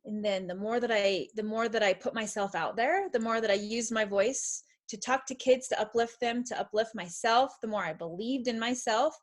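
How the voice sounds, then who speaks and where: A woman's voice: a little high, normal speed, few pauses. A middle-aged woman confidence coach answering questions on a video call in an enthusiastic, encouraging, emphatic way.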